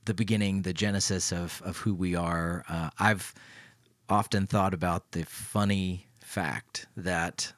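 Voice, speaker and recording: A man's voice: low-pitched, fairly even intonation, a bit bright, no echo, studio quality. A middle-aged man from Tennessee, a pastor co-hosting a podcast, chatting casually in a playful, teasing way. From Tennessee, US South. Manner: playful, teasing, quick to laugh. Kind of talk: casual conversation.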